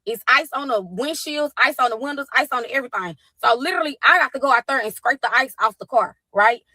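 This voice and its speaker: A woman telling a tense story about her daughter, quoting texts and calls in a fast, profane way. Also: high-pitched, expressive, bright, forceful tone, no room sound, poor audio. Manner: fast, profane retelling with quoted dialogue. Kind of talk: animated storytelling.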